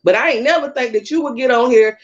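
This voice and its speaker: A woman's voice: fairly high pitch, fast talker. Heated woman on a lo-fi call. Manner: emotional, confrontational, repeats herself. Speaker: guest. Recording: dull lo-fi online call audio.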